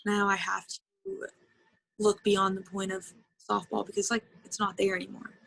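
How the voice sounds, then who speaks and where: Young female interview guest, twenties; vocal fry, dry recording, casual and emotional. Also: mid-range voice, level tone, moderate pace, a bit bright, no echo, rough recording. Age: 20s. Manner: chatty, lots of fillers, emotional retelling. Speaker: interview guest, former college softball player.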